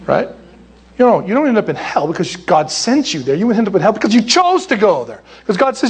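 A man preaching a sermon in an animated, jokey way, with acted asides. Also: high-pitched, a little fast, slightly rough. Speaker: pastor.

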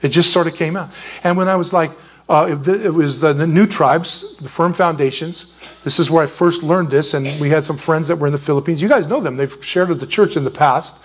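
A man's voice: on the high side, fairly quick, breathy edge. A male pastor giving a sermon in a rambling, conversational way, often losing his train of thought.

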